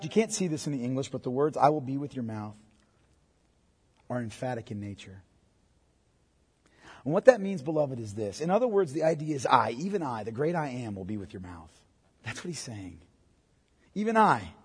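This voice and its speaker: A male pastor preaching a sermon, swinging from hushed, low passages to loud, emphatic ones. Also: sing-song, normal speed, long pauses, slightly rough, big-room sound.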